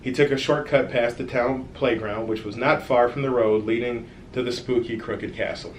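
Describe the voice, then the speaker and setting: Male storyteller, kids' read-aloud, lively with direct asides; echoey room, faint hiss. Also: mid-range voice, moderate pace. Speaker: author reading his own book. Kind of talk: reading a children's story aloud.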